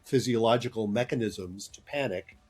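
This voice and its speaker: A man's voice: on the low side, moderate pace, darkish tone, slightly rough, soft background music. A man speaking as a therapist guest, explaining ideas earnestly in conversation and laughing between points.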